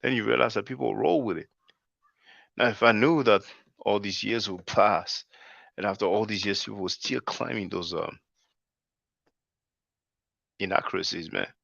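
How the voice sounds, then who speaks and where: Pitched on the low side with vocal fry and a slightly bright edge, this host speaks at a moderate pace and pauses often, with no echo. Talking to his brothers and sisters in a casual monologue, he drops "man" frequently; the dry lo-fi recording sounds dull.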